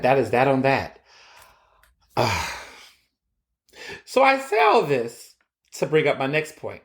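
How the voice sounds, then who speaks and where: A man hosting his own podcast, giving casual, animated solo commentary with profanity and acted-out quotes. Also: a little high. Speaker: podcast host. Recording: roomy echo.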